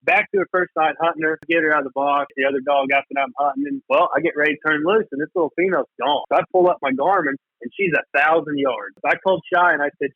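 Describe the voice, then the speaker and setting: A man tells a funny dog story in a chatty, amused way. He talks quickly, and his voice sits slightly high. The sound is tinny and phone-like. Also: no echo. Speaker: guest. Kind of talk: casual storytelling.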